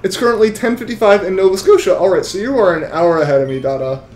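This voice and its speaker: A man's voice: high voice, fast talker, darkish tone, echoey room, soft background music. A young man live-streaming a game, chatting with viewers in a rambling, casual way. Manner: rambling, chatty, full of restarts. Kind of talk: live-stream chat while shiny hunting.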